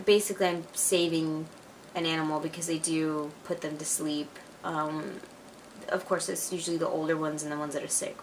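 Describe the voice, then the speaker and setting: A chatty young woman in her twenties records a casual video letter to a friend at home, excitable and full of "like" and "you know". The mic sits a little away from her, and faint noise hums underneath. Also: lowish voice, distant mic. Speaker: vlogger. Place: at home, alone.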